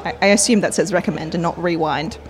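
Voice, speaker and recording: A woman's voice: lowish voice, fast talker. An Australian woman co-hosting a live podcast panel, with a dry, teasing manner. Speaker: podcast co-host. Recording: live show at a pen expo, audience.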